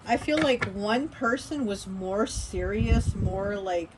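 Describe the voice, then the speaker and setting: A woman's voice: mid-range voice, animated, slow pace, very noisy. Chatty woman giving a tarot reading. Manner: chatty, rambling, many fillers and restarts. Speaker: tarot reader. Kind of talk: casual tarot reading monologue.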